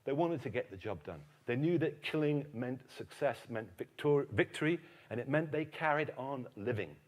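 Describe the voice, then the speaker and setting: A man from Britain giving a keynote history lecture, telling anecdotes in a lively, animated way. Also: mid-range voice, moderate pace.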